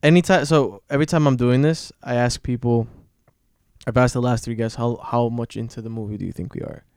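A young man hosting a casual podcast, talking in a low-energy, laid-back way with lots of swearing. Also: fairly even intonation, a little fast, darkish tone, smooth, dry recording, clean studio sound. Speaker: podcast host. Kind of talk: casual chat.

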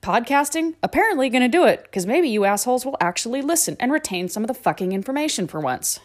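A woman's voice: on the high side, big pitch swings, fast talker. A woman hosting a podcast, delivering a sarcastic, profane comic rant about her life on a small farm. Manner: sarcastic, ranting, swears freely. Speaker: podcast host.

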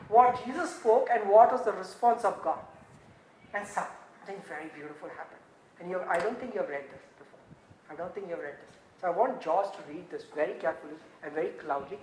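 A woman preaching a sermon, swinging dramatically from hushed tones to shouting. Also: fairly low pitch, animated, fairly quick. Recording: echoey room, faint ambient noise.

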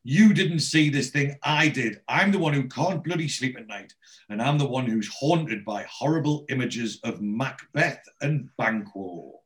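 A man's voice: mid-range voice, lively intonation, unhurried, close to an everyday voice. A man voicing a nervous, superstitious grown man who is easily rattled. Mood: panicky.

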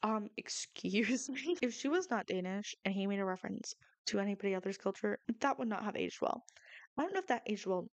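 A woman's voice: mid-range voice, animated, quick pace, dry recording. A young woman in her twenties recapping a sitcom episode, talking casually with lots of likes and swearing. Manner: chatty, profane, self-deprecating, frequent likes. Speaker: podcast host.

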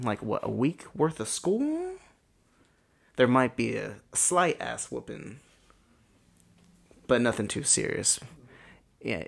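Gravelly-voiced young man rambling casually. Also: mid-range voice. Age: 20s. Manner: rambling, fills speech with "like". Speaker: podcast co-host. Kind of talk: casual chat.

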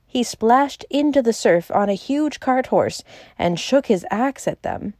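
A woman narrating a classic novel in a measured, even reading. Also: on the high side, no room sound, studio quality. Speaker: audiobook narrator. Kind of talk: scripted narration.

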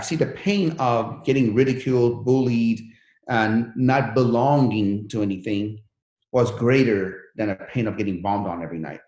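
A man's voice: fairly low pitch, moderate pace, darkish tone, reverberant, muffled recording. A man who came to the country as a refugee, telling his life story in an interview in an earnest, motivational way. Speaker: guest.

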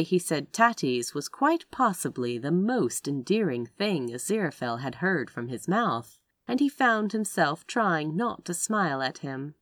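A woman reading a romance story aloud as narrator, with expressive delivery. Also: unhurried, hardly any pauses, dry recording. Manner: expressive narration with wide pitch swings. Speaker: audiobook narrator.

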